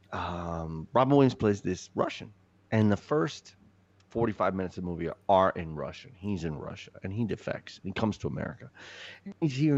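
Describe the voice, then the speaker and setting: A man's voice: on the low side, a little mellow, no echo, highs cut off. A man, a filmmaker guest on a podcast, talking with enthusiastic, profane, gushing energy. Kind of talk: casual film chat.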